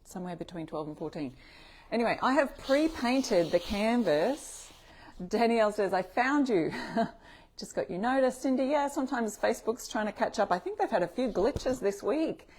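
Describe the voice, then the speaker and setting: A woman's voice: on the high side, lively intonation, normal speed, a little mellow. Aussie lady doing a live craft demo, friendly chatter, reads out viewer names. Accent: Australian. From Australia. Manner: chatty, greets viewers by name. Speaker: craft tutorial host. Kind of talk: live-stream tutorial chat.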